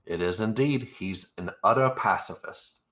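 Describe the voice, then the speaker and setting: A man's voice: on the low side, normal speed, fairly bright tone. A man playing in a tabletop game, laid-back and teasing. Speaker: player. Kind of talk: casual tabletop play.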